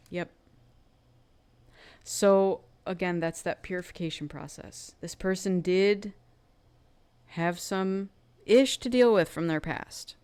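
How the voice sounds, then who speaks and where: A chatty woman doing a casual tarot love reading, full of fillers and quick asides. Her voice sits a little low and sounds smooth and clear. The sound is dry, with no room echo. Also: a little mellow. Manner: chatty, filler-heavy, slips into acting out quoted thoughts. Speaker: tarot card reader.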